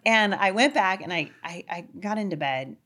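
A middle-aged woman, a guest on a talk show, telling a personal story with animated, acted-out quotes. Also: medium pitch, moderate pace. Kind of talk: storytelling conversation.

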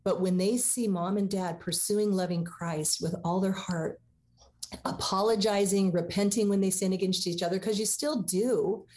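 A woman's voice: medium pitch, fairly even intonation, normal speed, dark tone. A woman guest author talking earnestly about marriage and faith in a radio interview. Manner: earnest, preaching tone.

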